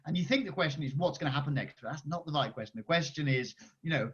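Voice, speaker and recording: A male children's author answering schoolchildren's questions on a video call, chatty and energetic with many restarts. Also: a little high, quick pace. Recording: dull lo-fi video call audio.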